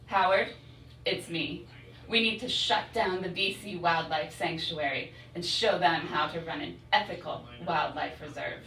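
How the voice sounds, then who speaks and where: A woman's voice: lowish voice, measured pace, sharp tone. A woman playing an exasperated rival animal activist in a comedy skit. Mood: indignant. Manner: exasperated, complaining. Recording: echoey room from far off.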